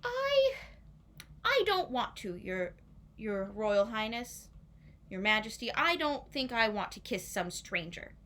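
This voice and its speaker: A woman's voice: a little high, sing-song, slow pace, a bit bright, exaggerated voice. A woman voicing a clever, patient young maiden who talks politely and earnestly in a storybook.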